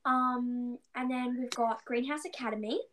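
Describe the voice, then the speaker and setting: A young woman co-hosting a podcast, talking in an excitable, gushing, fangirly way. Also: a little high, moderate pace, slight background noise. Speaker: podcast co-host. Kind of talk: casual chat.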